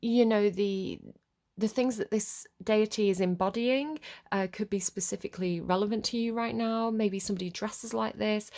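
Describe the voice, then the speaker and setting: A woman's voice: medium pitch, a little mellow. A woman giving a casual collective tarot reading to camera, chatty and rambling with lots of filler words. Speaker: tarot reader.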